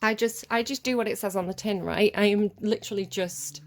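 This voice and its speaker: Her voice is medium-pitched and steady, and she talks briskly. This tarot reader delivers a rambling, chatty reading directly to camera, cursing freely throughout the casual monologue.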